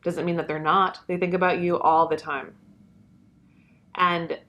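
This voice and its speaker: A young woman talks through a card reading in a loose, rambling way. Her voice sits a little low for a woman, and her talk is peppered with fillers and casual swearing. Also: flat delivery, unhurried, fairly bright tone. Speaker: tarot reader.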